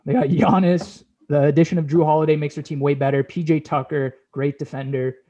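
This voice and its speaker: A man's voice: a little high, steady tone, a little fast, warm tone, highs cut off. A young man co-hosting a sports podcast, brash and opinionated, casually swearing as he talks playoff picks.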